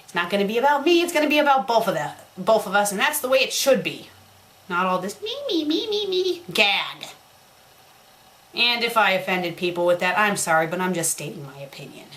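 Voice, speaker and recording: Reading a bad fan story aloud for laughs, this fanfiction critic keeps interrupting herself with snarky, derisive comments. She has a medium-pitched, somewhat bright voice, and the audio quality is rough.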